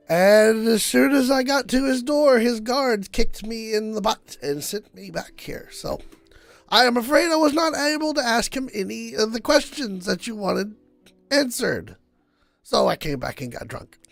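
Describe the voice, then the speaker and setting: Guy playing a tipsy cheery traveler in a tabletop game, rambling, bouncy pitch, dry. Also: animated, unhurried, gravelly, no echo, faint music behind, exaggerated voice.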